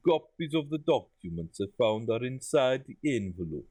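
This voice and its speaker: A fussing, doting woman writing a fond letter, put on by a man in a hammy Eastern European accent. The pitch sits at an everyday middle level. The sound is close and dry, with no room around it. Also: sing-song, moderate pace, mellow, no echo. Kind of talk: reading game letter aloud in a put-on voice.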